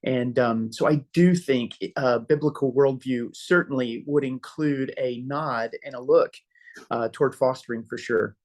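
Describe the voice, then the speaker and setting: A middle-aged man, a pastor guest on a podcast, telling stories casually and acting out quoted dialogue with many filler pauses. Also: mid-range voice. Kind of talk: casual storytelling conversation.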